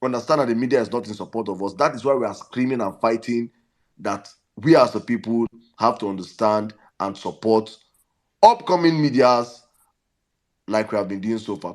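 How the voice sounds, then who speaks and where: Nigerian man, host of a political audio chat, emphatic and repetitive in delivery. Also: medium pitch. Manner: emphatic, repeats phrases.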